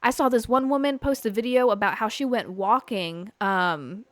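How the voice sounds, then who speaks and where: A young woman hosting a podcast, telling a story in casual chat, animated, full of fillers and swearing. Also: a little high, moderate pace, no room sound, faint music behind. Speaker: podcast host. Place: Los Angeles.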